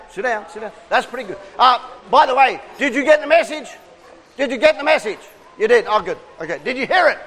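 A man's voice: high voice, fairly bright tone, in a large hall. A man preaching an interactive sermon, coaxing the congregation with questions and call-and-response.

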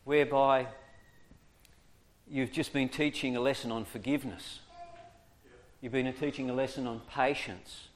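A man's voice: medium pitch, unhurried, long pauses, a little hiss or hum. A man giving a humorous teaching talk to an audience of church workers, chuckling often and acting out quoted voices. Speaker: preacher training children's ministry workers.

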